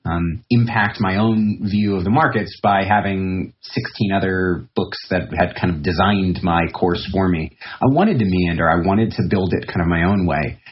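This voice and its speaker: Low-voiced, rambling male trader. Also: moderate pace, few pauses, muffled recording. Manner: rambling, reflective, many fillers and restarts. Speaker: trader, podcast guest. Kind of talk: casual interview talk.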